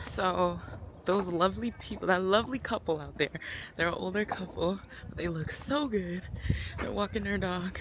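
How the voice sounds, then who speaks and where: A woman's voice: lowish voice, measured pace, pauses often. A woman from New Jersey vlogging a solo day out in a garden, gushing and laughing as she talks to her phone camera. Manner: gushing, emotional, laughs often. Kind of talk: casual vlog talk to camera. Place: outdoors in a botanical garden. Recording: loud music under the voice. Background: loud background music.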